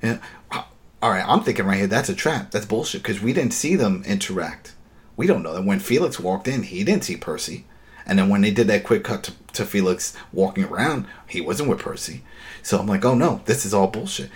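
Man, fairly low voice, casual episode recap, animated and exasperated, swears, acts out scenes. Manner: acts out character lines in quick impressions.

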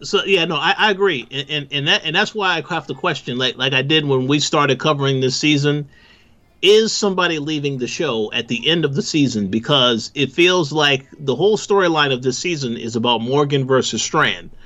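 A man co-hosting a podcast, offering measured, agreeable commentary in casual chat. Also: on the high side, bright, forceful tone. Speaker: podcast co-host. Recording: dull lo-fi audio.

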